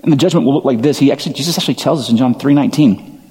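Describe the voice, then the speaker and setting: A man's voice: mid-range voice, racing, mellow. Man preaching in a reverberant hall. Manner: conversational, filler-heavy, earnest. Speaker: pastor. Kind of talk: sermon.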